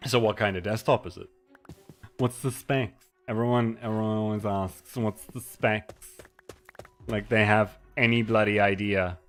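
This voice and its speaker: Man, low voice, casual livestream chatter, self-mocking, rambling, faint music under him. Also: fairly even intonation, moderate pace. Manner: rambling, self-mocking, reads chat aloud. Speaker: streamer. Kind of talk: casual livestream chat while gaming.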